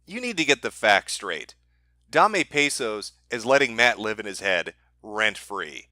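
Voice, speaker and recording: Man, stream host, sarcastic, mocking, profane, bright tone, lively pitch. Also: a little slow, no room sound. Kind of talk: confrontational live-stream talk.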